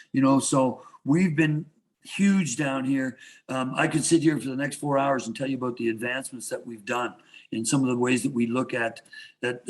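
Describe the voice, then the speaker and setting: A Canadian man in his sixties, a martial arts instructor, talking casually as an interview guest, rambling with lots of fillers and restarts. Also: medium pitch.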